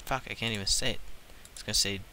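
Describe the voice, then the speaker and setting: A young man giving casual, profane gameplay commentary, jumping from low mutters to squealing shouts. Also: fairly even intonation, fast talker, a little hiss or hum. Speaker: gaming channel host.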